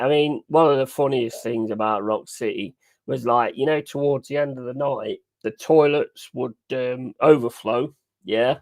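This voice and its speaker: A man chatting casually and excitedly over a live match, swearing freely and rambling through stories. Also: mid-range voice. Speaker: watch-along streamer.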